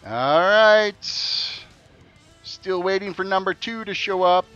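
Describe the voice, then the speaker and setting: A man's voice: high-pitched, slow, a bit bright, clear, resonant tone, muffled recording, faint music behind. Chatty man streaming a game. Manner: chatty, eagerly repeats instructions to players. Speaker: game streamer running a race event. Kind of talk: casual live-stream commentary.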